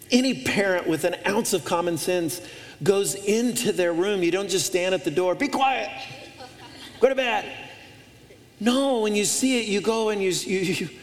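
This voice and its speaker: A man preaching from the pulpit with a fairly high voice, leaning hard into emphatic repetitions and restarting his phrases as he builds his point. His voice rings out through the long reverb of a large church hall. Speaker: pastor. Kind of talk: sermon. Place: church auditorium.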